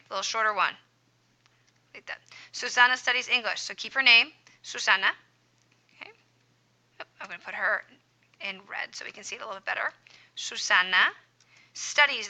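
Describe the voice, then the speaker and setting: A woman runs a screen-recorded grammar lesson in a very bright, clear voice. She is upbeat and encouraging with her students, and she punctuates her steps with playful sound effects. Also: fairly high pitch. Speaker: Spanish teacher.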